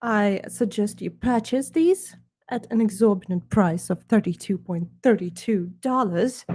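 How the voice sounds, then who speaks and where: A woman's voice: medium pitch, a little mellow. A woman from Ukraine, talking in a put-on British accent and giving a sarcastic, mock-snobbish preview of her own art books. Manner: sarcastic, dry put-on posh delivery.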